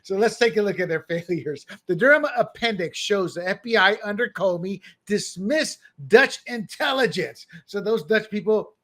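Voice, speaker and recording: High, bright-voiced male political co-host. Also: moderate pace, hardly any pauses. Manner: animated, joking, repeats words when restarting. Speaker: podcast co-host. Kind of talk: political commentary chat.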